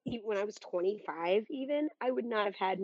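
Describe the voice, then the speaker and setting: A woman in her thirties, co-hosting a podcast, talking in a husky voice with earnest, rambling asides in casual chat. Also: medium pitch, expressive, a little fast, no echo. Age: 30s. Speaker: podcast co-host. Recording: dull, dry lo-fi podcast audio.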